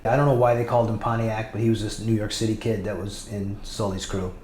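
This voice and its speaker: A man's voice: on the low side, level tone, quick pace, darkish tone. A man telling a story about his time in prison, in a blunt, profane, conversational way, as a podcast guest. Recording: echoey room with faint noise.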